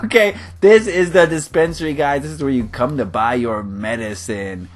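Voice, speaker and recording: A man's voice: fairly high pitch, animated, moderate pace. A man from California giving casual, rambling commentary on his game build, laughing often. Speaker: gaming video host. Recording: faint guitar music behind.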